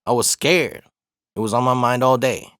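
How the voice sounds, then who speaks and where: A man from Arizona casually telling a personal story, profane and slang-heavy, with animated retelling. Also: medium pitch, moderate pace, no echo, clean studio sound. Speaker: storyteller host.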